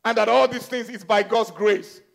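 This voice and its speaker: A man preaching a sermon, moving between loud pleading and quiet, intense speech. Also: sits high, fairly even intonation, normal speed, creaky.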